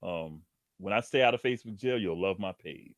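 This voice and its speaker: A man's voice: deep voice, fairly quick, no echo, dull audio. A man from the Bronx, co-hosting a podcast with a New York accent, playful, laughing often and acting out bits of dialogue. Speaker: podcast co-host. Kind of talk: casual chat.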